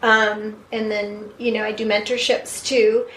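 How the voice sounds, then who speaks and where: A woman's voice: mid-range voice, flat delivery, unhurried, a bit bright, slight background noise. A woman with a Southern US accent, a spiritual medium chatting casually as an interview guest and laughing easily. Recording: echoey room.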